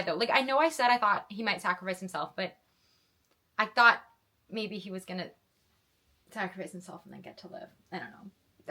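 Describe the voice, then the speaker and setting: A woman's voice: medium pitch, normal speed, long pauses, pushed and bright. A young woman reacting to a book she is reading, in an emotional, gushing way, often tripping over her words and starting again. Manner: gushing, emotional, self-interrupting with repeated restarts. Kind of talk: casual reading reaction vlog.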